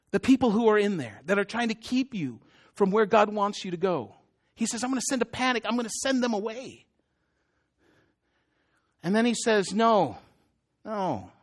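A man with a strikingly high voice preaches a sermon. His delivery is casual and chatty, full of self-deprecating jokes and quick asides to the congregation. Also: a bit bright. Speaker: pastor.

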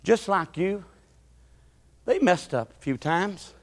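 A man preaching a sermon in a church, swinging from loud shouts to low, quiet talk. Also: animated, slow, long reverb tail. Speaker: pastor. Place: church sanctuary.

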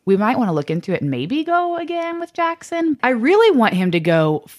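A woman's voice: a little high, very animated, fairly quick. A woman in her twenties co-hosting a podcast, chatting casually with a friend and laughing often. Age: 20s. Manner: giggly, bouncy, laughs often. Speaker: podcast co-host. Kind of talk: casual chat. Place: home, weed whacker outside.

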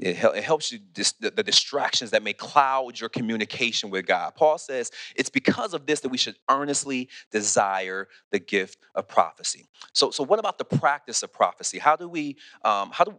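A man preaching a sermon as pastor, animated, often restarting and asking "okay?". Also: fairly low pitch, no echo, clean studio sound. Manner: animated, repeats words, asks "okay?" often.

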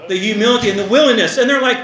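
Lively high-voiced preacher in echoey hall. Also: male voice, racing. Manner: animated, joking asides, repeats words. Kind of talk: sermon. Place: church hall.

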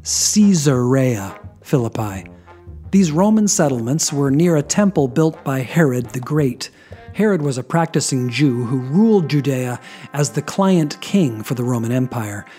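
A man giving a scripted Bible teaching, with dramatic pauses and emphatic drops in his voice. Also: mid-range voice, animated, mellow, soft background music.

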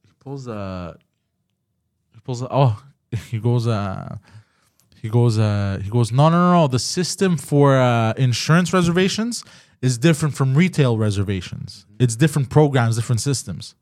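A man chats casually on a podcast, swearing as he tells his story with animated energy. He acts out every side of the quarrel. His voice sits at a middle pitch, recorded close and dry. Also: measured pace, no room sound. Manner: animated, profane, acts out both sides of the story. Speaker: podcast host.

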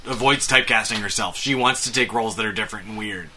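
A man on a casual movie podcast who offers film facts in a measured way, pausing and restarting as he goes. His voice is very bright and clear-edged. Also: lowish voice, a little hiss or hum. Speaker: podcast co-host. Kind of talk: casual chat.

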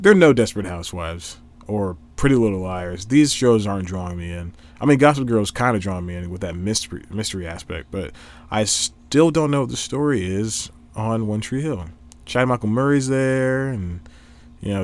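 A man's voice: lowish voice, lively intonation, moderate pace. Young man, casual home vlog, laptop microphone, rambling, restarts a lot, easygoing. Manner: rambling, self-correcting, chatty. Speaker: vlogger. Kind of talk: casual solo talk.

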